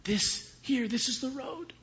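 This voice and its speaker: A man voicing God as tender and pleading, calling out in a high, urgent voice. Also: a little slow, a bit bright, heavily acted. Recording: dull lo-fi recording.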